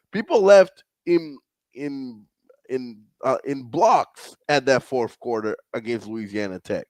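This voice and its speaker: A man's voice: mid-range voice, a little mellow, dry recording. A man co-hosting a casual sports podcast, emphatic, with nonstandard grammar. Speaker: podcast co-host.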